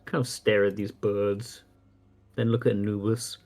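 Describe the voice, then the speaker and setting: A man's voice: fairly low pitch, flat delivery, a little slow, a little mellow, faint music behind. A man playing in a tabletop game, describing his character's actions in a playful way. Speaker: player.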